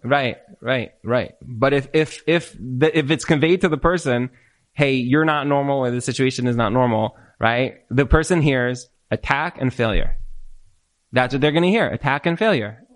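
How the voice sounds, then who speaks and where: A man answering marriage questions in a live Q&A, animated, full of restarts, acting out spouses' complaints. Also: medium pitch, moderate pace. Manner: animated, repetitive restarts, acts out quoted spouses. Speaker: relationship speaker. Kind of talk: Q&A talk to a live group.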